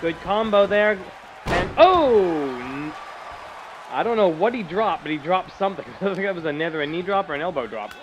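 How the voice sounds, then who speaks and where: A man doing excitable, jokey play-by-play commentary for a wrestling show. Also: high-pitched, quick pace. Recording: loud crowd and noise behind.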